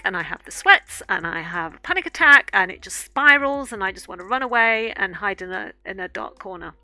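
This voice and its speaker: A woman's voice: medium pitch, bright, forceful tone, no room sound. A woman art streamer casually telling a rambling story while she draws, with lots of fillers and restarts.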